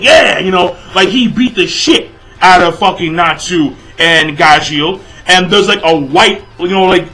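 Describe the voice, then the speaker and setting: A man's voice: high voice, bright, forceful tone, poor audio. A young man giving a casual, exasperated review of a manga chapter, swearing constantly and padding his talk with fillers. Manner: profane, exasperated, filler-heavy ranting.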